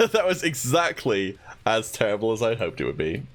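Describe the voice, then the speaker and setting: Playful low-voiced male streamer. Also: very animated, moderate pace. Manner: playful, laughs often. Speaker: streamer and co-host. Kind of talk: casual live-stream chat.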